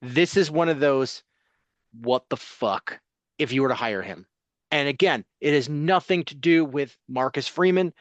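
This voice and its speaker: A man co-hosting a sports talk podcast, speaking bluntly and casually, listing names in a steady run. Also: mid-range voice, measured pace, dry recording, highs cut off.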